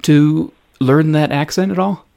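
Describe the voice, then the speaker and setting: A man's voice: on the high side, steady tone, unhurried, vocal fry, darkish tone. A male interviewer asking short, curious follow-up questions of his guest.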